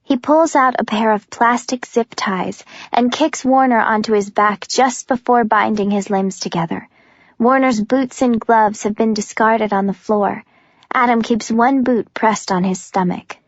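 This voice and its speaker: A woman narrates a first-person audiobook in an urgent, close telling. Her voice sits fairly high, and the recording is dry and a little dull. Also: unhurried, no room sound.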